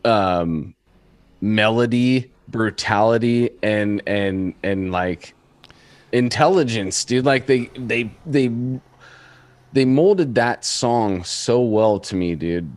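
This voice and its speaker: A man's voice: lowish voice, slow, no room sound. A young man with a Californian accent hosting a metal podcast in casual chat, rambling and enthusiastic, full of fillers and swearing. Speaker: podcast host.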